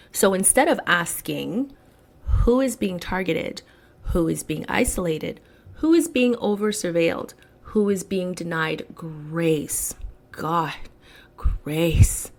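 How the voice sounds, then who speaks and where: A woman hosting a solo podcast, speaking in an emphatic commentary style and slowing down to stress key words. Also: on the low side. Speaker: podcast host.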